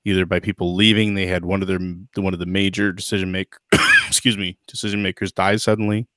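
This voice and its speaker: Low-voiced man musing on a podcast. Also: little pitch movement, quick pace, heavy background noise. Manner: thoughtful, hedging, many fillers and restarts. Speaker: podcast host. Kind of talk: casual podcast chat.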